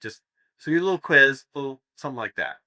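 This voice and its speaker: A man's voice: mid-range voice, big pitch swings, brisk, bright, forceful tone, no echo. A man giving a live seminar talk, telling crude jokes as stories and laughing at his own punchlines. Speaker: seminar speaker. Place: seminar room with audience.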